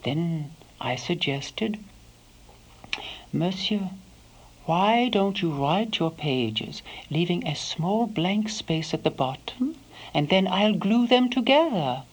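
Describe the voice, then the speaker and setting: A woman playing a devoted elderly housekeeper, recalling her employer in a soft first-person monologue that sometimes sinks to a whisper. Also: lowish voice, lively intonation, takes it slowly, breathy edge, exaggerated voice, rough recording. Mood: wistful. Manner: soft-spoken, slips into hushed whispers.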